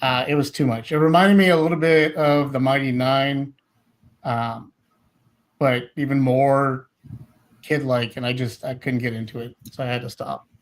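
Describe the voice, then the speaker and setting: A man's voice: mid-range voice, fairly even intonation, normal speed. A man co-hosting a podcast, giving a plain-spoken, slightly hesitant casual movie opinion. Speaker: podcast co-host. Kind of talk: casual movie review chat.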